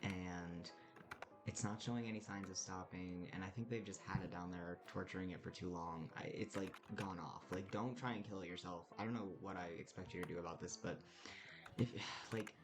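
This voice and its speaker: A man voicing a chatty, fretful androgynous tiefling drow bartender who talks fast and breezily, in a tabletop game. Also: sits low, fairly even intonation. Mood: worried. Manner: quick, gossipy, breezy complaining.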